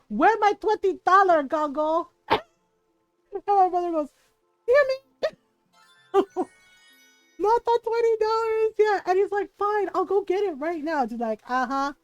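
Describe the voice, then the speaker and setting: A woman's voice: high voice, no echo, rough recording. A woman streamer chatting casually while she plays, telling family stories with lots of laughter and acted-out voices. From Filipino family. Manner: animated, laughing, acts out family members' voices. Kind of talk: casual storytelling while gaming.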